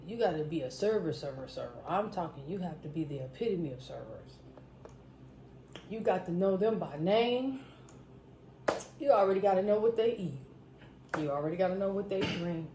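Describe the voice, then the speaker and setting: A woman's voice: mid-range voice, a little mellow. A woman telling stories to camera in a casual vlog, emphatic, repeating phrases for stress. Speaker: food vlogger. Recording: roomy echo, faint background noise.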